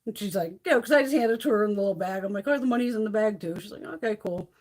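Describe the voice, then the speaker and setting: A woman's voice: mid-range voice, expressive, racing, a little mellow. A middle-aged woman chatting casually and profanely on a beauty live stream, laughing often.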